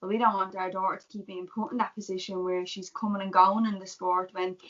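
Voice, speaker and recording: A woman's voice: medium pitch, flat delivery, brisk, fairly bright tone. A young woman with an Irish accent hosting a podcast interview, sympathetic and affirming, summing up her guest's points. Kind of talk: supportive interview chat. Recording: dull lo-fi sound.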